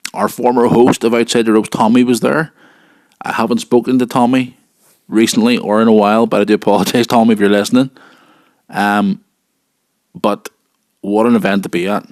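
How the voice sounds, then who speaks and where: A man hosting his own wrestling podcast from home, talking earnestly and with emphasis, often repeating himself and getting excited. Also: on the low side, dry recording, studio quality. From United Kingdom. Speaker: podcast host. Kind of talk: solo wrestling podcast talk. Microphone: home podcast mic.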